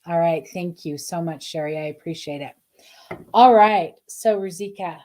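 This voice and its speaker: Effusive woman card reader, mellow voice. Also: lowish voice, normal speed. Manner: effusive, chatty, reads viewer comments aloud. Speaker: spiritual card reader, host. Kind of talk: live-stream card reading chat.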